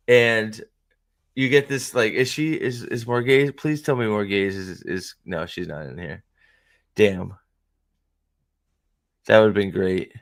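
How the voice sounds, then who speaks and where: A man's voice: mid-range voice, fairly bright tone. A man hosting casual fan commentary, rambling and profane, and often cutting himself off mid-thought. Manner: rambling, profane, self-interrupting. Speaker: host.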